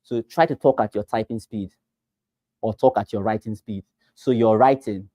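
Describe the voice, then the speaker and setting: A man teaching real estate agents, who talks fast and with emphasis and repeats phrases to drive them home. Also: on the low side, fairly even intonation, mellow, no room sound. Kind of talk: teaching a class.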